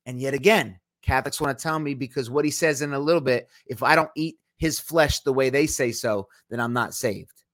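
A man's voice: medium pitch, brisk, a bit bright, dry recording, studio quality. A man hosting a podcast at home, teaching a casual Bible study in an emphatic, argumentative way.

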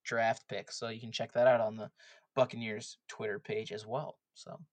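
A man's voice: fairly low pitch, little pitch movement, moderate pace, no echo. A young man co-hosting a casual sports podcast, recapping draft picks with light teasing. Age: young adult. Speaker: podcast co-host.

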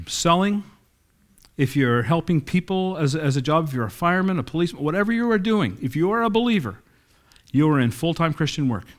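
A middle-aged man preaching a sermon in a conversational way, reading scripture and acting out quoted dialogue. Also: fairly high pitch.

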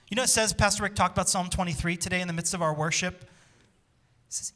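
A man preaching a sermon as pastor, impassioned, dropping to a hush when quoting scripture. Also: high-pitched, steady tone, fast.

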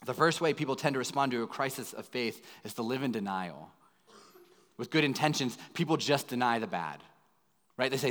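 Male pastor, earnest sermon delivery, rhetorical questions, mid pitch, long hall reverb. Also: expressive, brisk, a bit bright.

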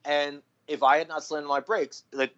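A man's voice: on the high side, little pitch movement, normal speed, a bit bright. A man born in Philadelphia and raised in New Jersey, hosting a podcast with blunt, crude talk and heavy swearing. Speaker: podcast host. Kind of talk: casual podcast chat. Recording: slightly dull lo-fi sound.

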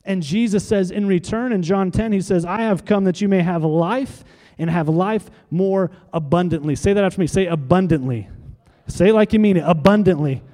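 A man's voice: high-pitched, normal speed, dark tone, big-room sound. A man pastor preaching a sermon, with emphatic repetition and call-and-response to the congregation.

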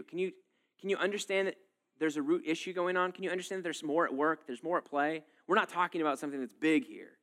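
A man in his thirties preaching a sermon in a casual, animated way, full of fillers and asides. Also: fairly high pitch, fast talker. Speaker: pastor.

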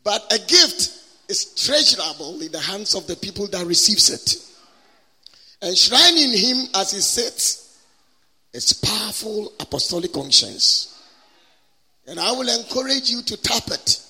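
A man preaching with great passion, his voice high, bright and swooping widely from phrase to phrase. He draws his words out slowly in a stretched preaching cadence. The sound carries a long reverb from a large church hall. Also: sing-song, husky. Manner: impassioned, drawn-out preaching cadence. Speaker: guest preacher. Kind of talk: sermon with prayer and call-and-response.

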